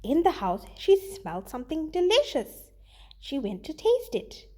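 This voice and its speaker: A woman teacher reading a children's story aloud with expressive delivery, then giving her students a worksheet task. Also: high voice, moderate pace.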